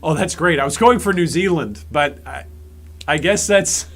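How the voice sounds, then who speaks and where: A man's voice: fairly high pitch, expressive, normal speed, a bit bright. An American man streaming live, reacting to game patch notes and talking straight to his chat in a rambling way, restarting and repeating words as he works through a point. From United States. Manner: talks directly to his chat.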